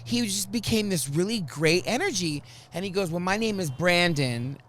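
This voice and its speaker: A man hosting a podcast in casual chat, an animated storyteller who acts out quotes loudly. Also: sits high, normal speed, slight background noise. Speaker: podcast host.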